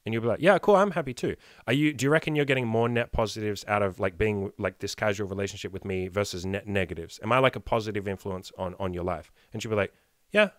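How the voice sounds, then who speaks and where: Thirties male dating coach, low-pitched, dry close sound, blunt and swearing, podcast chat. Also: fast talker, no room sound. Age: 30s. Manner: blunt and profane; emphatic, rhetorical questions.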